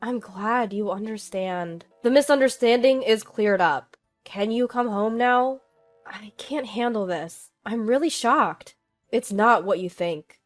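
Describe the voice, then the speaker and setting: A woman voicing a hurt, shaken young wife and mother who speaks weakly and quietly, with faint background music. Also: a little high, unhurried, no room sound, lightly acted.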